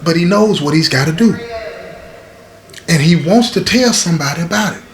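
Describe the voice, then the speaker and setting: A man's voice: fairly high pitch, expressive, moderate pace. A man telling a story casually and emphatically, repeating lines and speaking straight to his listeners. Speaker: storyteller host. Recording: roomy echo, faint background hiss.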